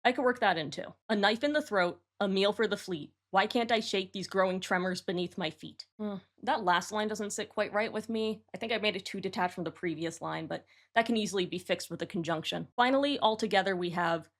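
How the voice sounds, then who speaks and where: Explaining to camera on her channel, a woman picks apart and reworks song lyrics in a plain, analytical manner. She has a mid-range voice and talks fairly fast, with almost no pauses.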